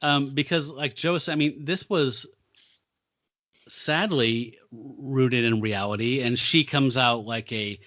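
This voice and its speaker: A podcast co-host who rambles through his thoughts on a film, piling up fillers like "like" and "you know." His mid-pitched voice sounds bright and forceful, heard close and dry on slightly dull audio. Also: slow pace, dry recording. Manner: rambling, many fillers, laughs easily. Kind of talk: casual movie-review chat.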